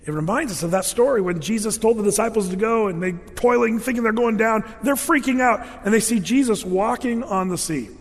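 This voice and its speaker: A man with a high voice preaches a sermon, telling stories with lively voiced quotes and playful sound effects. His voice rings out in a large hall with a long reverb. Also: a little fast, few pauses. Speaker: pastor.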